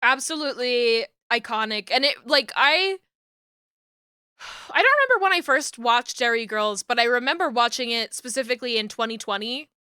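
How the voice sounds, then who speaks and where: A woman's voice: fairly high pitch, expressive, normal speed, bright, forceful tone, clean tone, dry recording, studio quality. A woman streamer chatting casually while she works, laughing often and swearing lightly. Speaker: streamer and 3D rigger. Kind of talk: casual live-stream chat while working.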